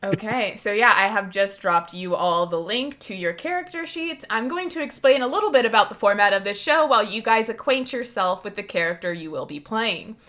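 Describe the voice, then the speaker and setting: A woman's voice: medium pitch, expressive, a bit bright. Chatty woman running a tabletop game. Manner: chatty, brisk, joking. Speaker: dungeon master.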